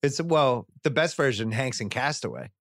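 A man's voice: medium pitch, expressive, normal speed, a bit bright, dry recording, clean studio sound. A middle-aged man hosting a podcast, chatting casually and jokily with sports metaphors. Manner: jokey, sports metaphors, riffs eagerly. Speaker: podcast host.

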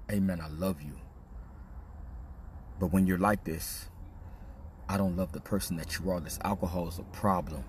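A man with a low voice tells a candid personal story as a podcast host. His talk is casual and full of slang, turning reflective and confessional. A faint hiss sits under the voice. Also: darkish tone.

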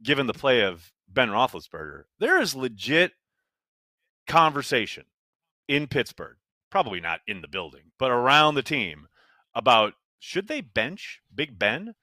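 Animated man talking sports. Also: medium pitch, unhurried, no echo. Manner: animated, emphatic, exclamations. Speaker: podcast co-host. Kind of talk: casual sports chat.

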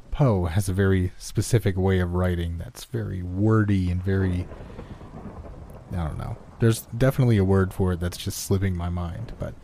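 A man who hosts a show, narrating a classic horror story and chatting casually, often pausing to search for words. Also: low voice, dark tone. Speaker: podcast host, story reader.

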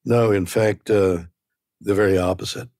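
A man in his nineties from Canada, talking in a reflective, meandering way with halting restarts as an interview guest. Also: low voice, fairly even intonation, a little mellow, no echo, clean studio sound. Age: 90s. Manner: halting, repeats words, meandering. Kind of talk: reflective conversation.

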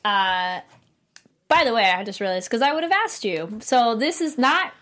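A woman hosting a casual anime discussion podcast, animated and quick to laugh, acting out quoted lines. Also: on the high side. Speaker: podcast host.

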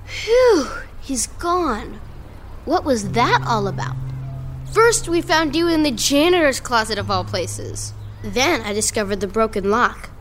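A bright-voiced, inquisitive young girl detective for a kids' audio drama, lively delivery. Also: fairly high pitch, measured pace, a little hiss or hum. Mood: curious. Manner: inquisitive, talks to her cat. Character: curious young girl private eye.

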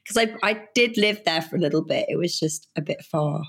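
A woman's voice: deep voice, fairly quick, vocal fry, husky. A woman hosting a podcast, chatting in a bubbly, exclamatory way. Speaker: podcast host. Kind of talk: casual conversation.

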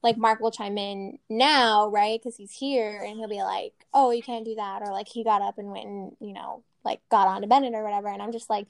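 A woman in her thirties co-hosting a podcast in casual chat, talking quickly and loosely, peppering her talk with "like" and laughing often. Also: mid-range voice, steady tone. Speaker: podcast co-host.

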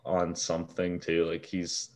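Deep-voiced young man telling a story. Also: a little slow. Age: young adult. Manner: animated storyteller, swears freely, acts out quoted lines. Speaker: fast-food shift manager. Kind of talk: casual storytelling.

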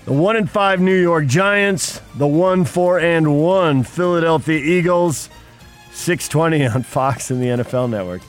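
Guy hosting sports radio, dry teasing banter, reads the headlines quick, faint music underneath. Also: fairly high pitch.

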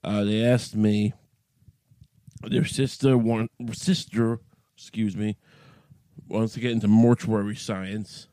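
A low, mellow male voice rambles through a profane solo podcast riff, cracky with morning roughness. He records in a small closet, and the sound is close and dry. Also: steady tone, slow pace, long pauses, no echo. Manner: crude, profane, rambling comic riffing. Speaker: podcast host.

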